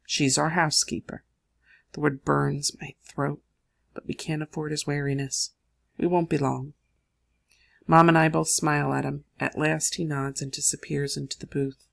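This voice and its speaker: Narrator, raspy texture, slightly high voice, measured first-person audiobook read. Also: male voice, little pitch movement.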